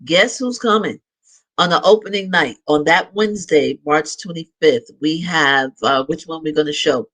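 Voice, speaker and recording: A man's voice: a little high, moderate pace, pushed and bright, poor audio. A middle-aged man hosting a live show, chatting casually and upbeat as he makes announcements. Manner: chatty and upbeat, with light laughs and restarts. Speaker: show host.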